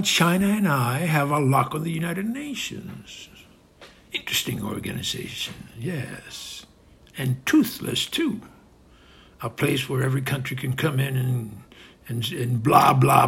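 A man voicing a boastful, ruthless male strongman leader in a satirical monologue, scornful and slipping into rasping whispers. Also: mid-range voice, expressive, measured pace, a bit bright, full character voice. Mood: gloating. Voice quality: gravelly, very husky.

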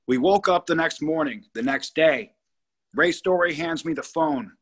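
Bright-voiced man telling a story. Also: mid-range voice, fairly quick, breathy edge. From California. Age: 30s. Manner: animated, profane, repeats himself. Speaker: guest. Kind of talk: casual storytelling interview.

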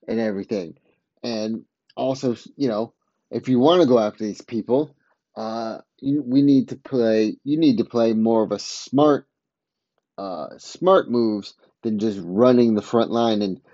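A man casually recaps a TV episode, rambling with many fillers and quoting the characters' lines. His mid-range voice is mellow, and the muffled recording has no room sound.

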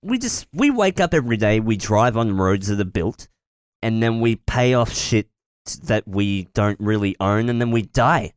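Easygoing man, lively voice. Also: lowish voice, moderate pace, clear, resonant tone, no echo, studio quality. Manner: easygoing, agreeable, laughs often. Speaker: podcast co-host. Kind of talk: casual chat.

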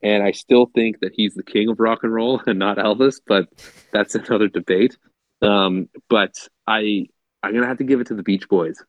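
A man's voice: lowish voice, fairly even intonation, moderate pace, no echo, muffled recording. A man co-hosting a music podcast in casual chat, enthusiastic and leaning on "like" and "I feel like". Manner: enthusiastic, heavy use of "like" and "I feel like". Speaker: podcast co-host.

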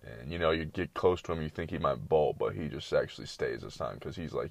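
Deep-voiced young man rambling profanely. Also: animated, a little fast, vocal fry, few pauses, dry recording. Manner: profane, slangy storytelling full of tangents. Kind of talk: rambling late-night monologue.

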